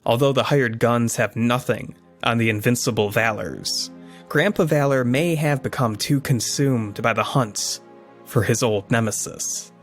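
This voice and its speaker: A man's voice: medium pitch, a little slow, faint music behind. A man narrating a tabletop game as game master, telling the story casually with filler words.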